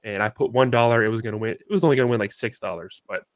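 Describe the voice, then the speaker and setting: A man's voice: medium pitch, very fast, dry recording. A young man co-hosting a sports podcast, telling a long story in a casual, rambling way with many fillers and restarts. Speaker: podcast co-host.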